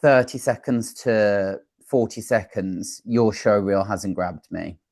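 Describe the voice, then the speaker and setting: Male interview guest: earnest industry advice, slightly low voice, dry close sound. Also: slow, darkish tone, dry recording. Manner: earnest, advisory, with frequent fillers and restarts. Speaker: talent manager and producer, interview guest. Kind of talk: casual interview answers.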